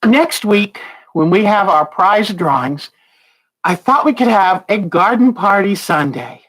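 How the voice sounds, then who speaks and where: Slow-talking chatty woman hosting a quilting livestream. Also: medium pitch, animated, breathy edge, rough recording. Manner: chatty, greets viewers warmly by name. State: out of breath. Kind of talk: casual livestream chat.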